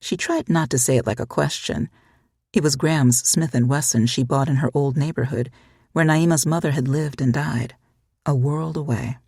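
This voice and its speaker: Husky audiobook narrator. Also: mid-range voice, moderate pace, a little mellow, dry recording, studio quality. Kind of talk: scripted narration.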